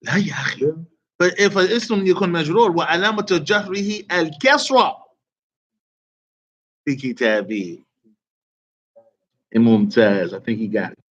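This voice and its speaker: A man's voice: fairly high pitch, sing-song, measured pace, long pauses, a bit bright, dull audio. A man teaching an online Arabic grammar lesson, quizzing students and praising their answers with casual asides.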